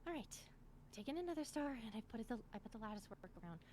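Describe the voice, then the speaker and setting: A woman's voice: fairly high pitch, expressive, rapid-fire, a little mellow, slight background noise. A woman improvising a healer in a roleplay, anxious and apologetic, stammering and repeating herself. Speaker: roleplay streamer playing a healer.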